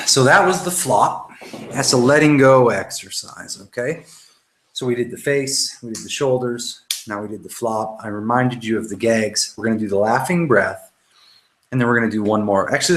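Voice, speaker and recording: A man's voice: mid-range voice, fairly bright tone. A man coaching a self-help workshop, talking loosely and swearing freely as he demonstrates exercises to camera. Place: indoor room. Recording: roomy echo, faint noise.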